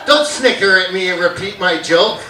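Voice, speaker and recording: Brash high-voiced comic in his fifties. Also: normal speed, far from the mic, crowd noise. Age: 50s. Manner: brash, rambling, crude. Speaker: stand-up comedian. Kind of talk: stand-up comedy routine. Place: theater stage, live audience. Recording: roomy live theater audio from afar.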